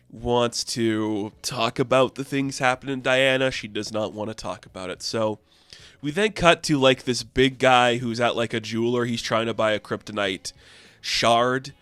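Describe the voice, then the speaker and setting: Brief: enthusiastic male comic reviewer, smooth clear voice, dry close sound. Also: medium pitch, a bit bright, dry recording. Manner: chatty, enthusiastic, laughs often.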